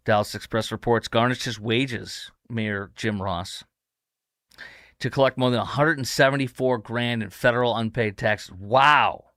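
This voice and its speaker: A man's voice: mid-range voice, a bit bright, clean tone, dry recording, clean studio sound. A man hosting a podcast, giving combative, sarcastic political commentary in a rambling way. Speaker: podcast host.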